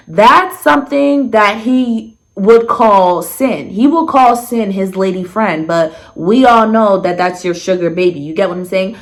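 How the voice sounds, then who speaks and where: A young woman telling a messy story to her viewers in a casual storytime voice. She is blunt and sarcastic and swears without a filter. Her voice sits at a middling pitch and she pushes it up sharply when she wants to make a point. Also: measured pace, hardly any pauses. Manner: animated, jumps pitch for emphasis. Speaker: storyteller vlogger.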